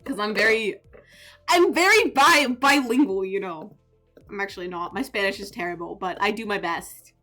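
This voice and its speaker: A woman's voice: mid-range voice, moderate pace, sharp tone, soft background music. A woman live streamer in casual chat, talking in a playful, mock-indignant teasing manner.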